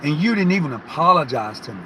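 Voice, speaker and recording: A man quoting his lodge leader, who speaks quietly and calmly about feeling hurt. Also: on the high side, quick pace, slight background noise, voice pushed down, poor audio. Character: calm, hurt older male lodge leader.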